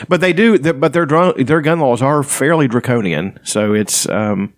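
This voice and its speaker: Stammering, opinionated man in casual chat. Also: medium pitch. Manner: halting, stammering starts, then opinionated.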